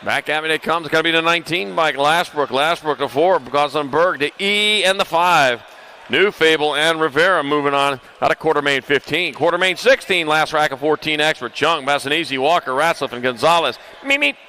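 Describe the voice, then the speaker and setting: Bright, rapid-fire male race announcer. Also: on the high side, slight background noise. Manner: rapid-fire, playful, calls names in quick lists. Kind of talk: live race commentary. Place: outdoor racetrack.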